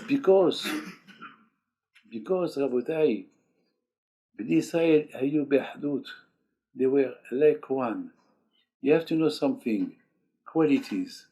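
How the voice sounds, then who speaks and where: A man's voice: mid-range voice, mellow, slightly rough. An older man preaching a sermon as a rabbi, emphatic and repetitive, in broken English peppered with Hebrew terms. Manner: emphatic, repeats key phrases, sprinkled with Hebrew terms; speaks English as a second language, broken grammar.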